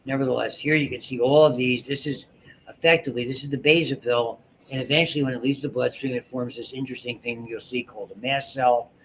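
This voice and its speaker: A man's voice: mid-range voice, steady tone, quick pace, a little hiss or hum. Chatty male biology lecturer, dull recording. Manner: chatty, digressive, many restarts and asides. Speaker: biology instructor. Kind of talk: classroom lecture. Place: lecture classroom.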